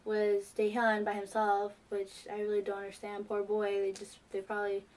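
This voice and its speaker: A young woman telling an excited, rambling story to camera, filled with "like". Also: mid-range voice, moderate pace. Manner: excitable, heavy use of "like". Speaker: fan vlogger. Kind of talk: casual storytelling.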